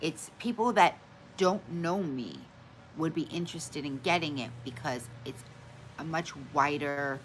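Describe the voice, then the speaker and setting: Heard on poor audio with a little hiss or hum, a woman whose voice sits low hosts a casual livestream at a measured pace. She chats with viewers and greets them by name, often laughing at how forgetful she is.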